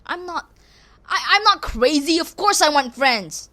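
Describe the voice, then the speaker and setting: A woman hosting a podcast, rambling through a casual, expressive, self-deprecating monologue. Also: sits high, normal speed. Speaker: podcast host.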